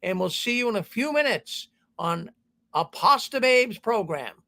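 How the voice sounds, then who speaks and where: A man's voice: high-pitched, lively intonation, a little slow, gravelly, sharp tone. A man hosting a call-in show, rambling and repeating himself. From Boston. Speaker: host.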